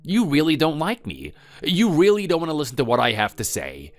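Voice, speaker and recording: A man's voice: on the high side, wildly swooping pitch, fairly quick, no room sound. An actor playing a resentful grown son in a scripted text-story drama, defensive and accusing toward his mother.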